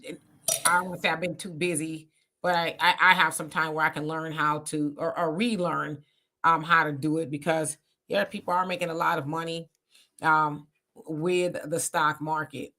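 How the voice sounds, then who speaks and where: A woman hosting a live online conversation, relaxed and playful, with drawn-out fillers. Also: sits low. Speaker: host. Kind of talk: casual live show chat.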